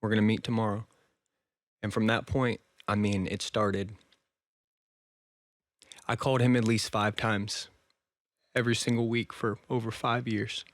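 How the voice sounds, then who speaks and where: A man in his twenties, guesting on a podcast, recounts an emotional personal story at a measured pace with frequent pauses. His low voice is flat in delivery, yet he's earnest, laughing often and saying "dude" and "man" in the casual interview. The recording is dry.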